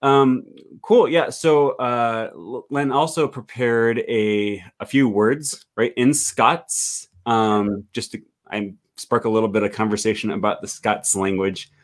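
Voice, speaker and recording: A young man from Wisconsin hosts a relaxed interview. He talks in an easygoing way, with plenty of fillers. His voice sits fairly low. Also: a little slow. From Wisconsin, USA. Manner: easygoing, many fillers and laughs. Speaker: host, language YouTuber. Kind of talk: casual interview.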